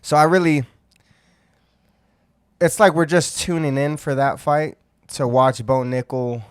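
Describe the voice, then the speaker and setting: A man trading boastful jokes on a podcast. His voice is smooth and clear, recorded close and dry on a podcast mic. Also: on the high side, steady tone, measured pace, dry recording. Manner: joking, boastful banter. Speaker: podcast co-host. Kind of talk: casual chat.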